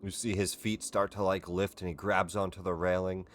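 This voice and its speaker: A man running a tabletop game as game master, giving rulings in a relaxed, matter-of-fact way. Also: low voice, normal speed, a little hiss or hum.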